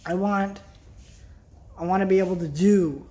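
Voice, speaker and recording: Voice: mid-range voice, fairly even intonation, a little slow, warm tone. An upset vlogger talks straight to the camera in a loose, casual rant. The delivery is worked up and blunt, with mild swearing. Thoughts trail off into heavy sighs.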